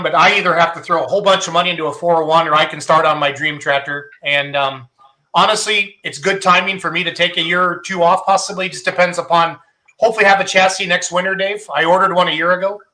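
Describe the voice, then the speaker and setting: A man's voice: high voice, steady tone, brisk, sharp tone. A man from Iowa with a Wisconsin accent, hosting a casual chat in a jokey, upbeat way. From Iowa, raised in Wisconsin. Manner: jokey, upbeat, laughs often. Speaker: podcast host.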